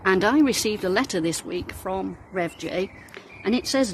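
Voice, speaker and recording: A woman's voice: medium pitch, animated, moderate pace, rough recording. A woman with a Darlington accent explains things to children in a friendly, patient way. She is outdoors in her garden, with faint traffic passing in the background. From North East England. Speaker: minister.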